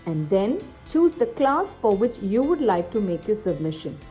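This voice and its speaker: Woman, tutorial voice-over, warm mellow tone, lively pitch, soft music behind. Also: normal speed. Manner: clear, friendly, step-by-step. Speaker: app tutorial presenter. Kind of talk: instructional voice-over.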